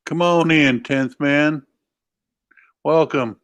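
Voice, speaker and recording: A man's voice: a little high, slow pace, fairly bright tone. A man in a casual online panel chat, laid-back and joking. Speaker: panel co-host.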